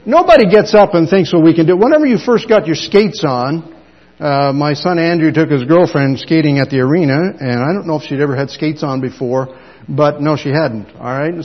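Middle-aged preacher, lively storyteller, fairly high voice, reverberant hall, muffled recording. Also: male voice. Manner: animated storytelling, acts out dialogue. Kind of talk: sermon. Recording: dull sound in a long-reverb hall.

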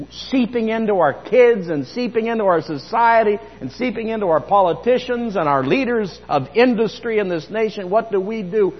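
A man preaching a sermon in church as pastor, telling stories with emphasis and bursts of loud speech. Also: sits high, lively intonation, normal speed, long reverb tail, dull audio. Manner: emphatic storyteller, rising to loud outbursts.

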